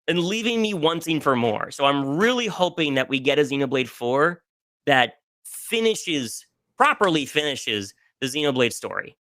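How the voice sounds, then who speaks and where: A man with a bright, clear voice chatting on a podcast, gushing and emotional, often stumbling and restarting. The sound is dry and close, with no room in it. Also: a little high, dry recording. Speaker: podcast guest. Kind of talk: casual podcast chat about video games.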